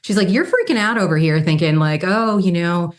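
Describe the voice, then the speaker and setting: A woman in her fifties, a guest on an interview podcast, telling stories casually and acting out the people she quotes. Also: fairly quick. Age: 50s. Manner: animated, acts out quoted people with pitch jumps. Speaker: guest, brand strategy consultant and model.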